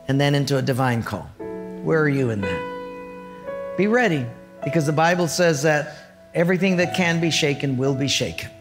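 A male pastor preaching a sermon in an expressive storytelling manner. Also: fairly high pitch.

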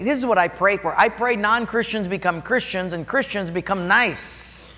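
Male pastor, high bright voice, lively storytelling sermon, long hall reverb. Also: moderate pace. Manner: animated storytelling, acts out dialogue.

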